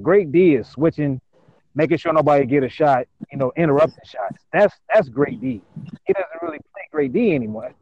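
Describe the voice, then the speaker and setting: A man's voice: a little high, no echo. An emphatic man argues his point in a casual sports discussion, tripping over a word or two before he gets going. The sound is dry and somewhat dull. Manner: emphatic, repeats words when starting a point. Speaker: panelist.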